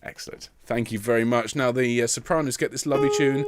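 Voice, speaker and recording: Encouraging male choir leader with loud piano. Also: mid-range voice, fairly even intonation, fast talker, few pauses. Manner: encouraging, counts in and sings phrases as examples. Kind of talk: online choir rehearsal teaching.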